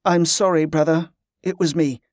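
An earnest young man who answers in a quick, apologetic way, as a male narrator voices him. His voice is a little high, and the reading is dry with no room around it. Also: steady tone, darkish tone, no room sound, natural voice.

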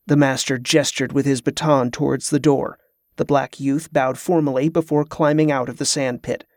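A man narrating a fantasy novel in a steady, measured storytelling voice. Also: medium pitch, no room sound, studio quality.

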